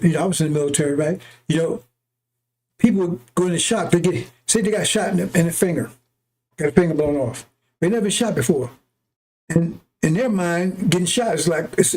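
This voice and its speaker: A man's voice: high-pitched, darkish tone. A man giving a heated, profane preaching monologue, often repeating himself and asking "right?" or "see?". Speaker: religious preacher. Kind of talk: impassioned unscripted preaching monologue.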